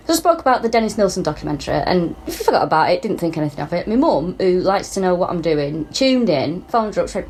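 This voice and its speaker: A woman's voice: lowish voice, very animated, fast talker, few pauses, darkish tone, husky. A woman with a northern English accent co-hosting a comedy podcast, chatting bluntly with plenty of swearing and laughter. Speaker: podcast co-host. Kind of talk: casual comedic chat.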